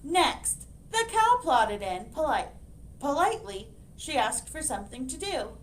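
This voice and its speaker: A woman librarian reading a picture book aloud to children, expressive and animated, pointing out the pictures. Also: sits high, a little slow, a little hiss or hum.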